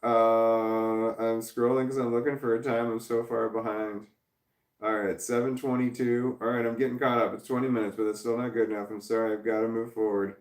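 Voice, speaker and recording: A man on a casual livestream, reading chat comments aloud and rambling through them with lots of halting restarts. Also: mid-range voice, little pitch movement, distant mic. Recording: roomy, off-mic sound.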